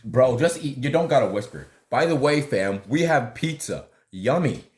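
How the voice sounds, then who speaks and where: A man's voice: medium pitch, lively intonation, darkish tone. A young man playing a tabletop game, chatting casually and often stumbling over his words. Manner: halting, stumbling restarts. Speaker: player. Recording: echoey room with faint noise.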